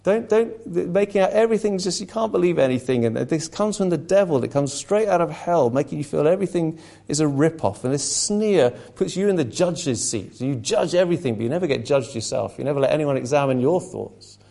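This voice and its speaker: A man's voice: on the high side, expressive, a little fast, gravelly, few pauses, dark tone. A man preaching a sermon, impassioned and rhetorical, slipping into mocking asides.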